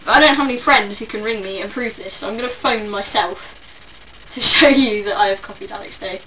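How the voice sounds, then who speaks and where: A woman's voice: medium pitch, brisk, recorded from a distance, background noise. A young English woman with a mixed London and Somerset accent, rambling through a casual vlog with playful, self-mocking asides. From England. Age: young adult. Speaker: vlogger.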